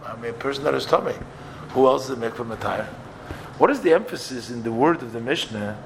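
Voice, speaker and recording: A man's voice: mid-range voice, expressive, fast talker, slight background noise. A man teaching a Torah class, explaining texts step by step, quoting each line and then translating it.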